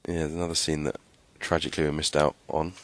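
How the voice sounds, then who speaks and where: A man's voice: a bass voice, little pitch movement, fast, a bit bright. A young man co-hosting a casual TV recap podcast, chatty, with frequent fillers and laughs. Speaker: podcast co-host.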